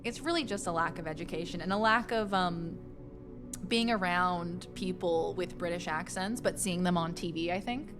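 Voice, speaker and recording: A woman's voice: fairly low pitch, normal speed, music in the background. Chatty woman streaming a game. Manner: chatty, rambling, lots of "like". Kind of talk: casual live-stream chat.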